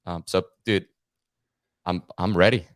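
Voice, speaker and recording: A man's voice: low voice, steady tone, a little slow, no room sound, clean studio sound. A man hosting a podcast, upbeat and friendly, introducing his guest with fillers. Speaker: podcast host. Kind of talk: casual interview hosting.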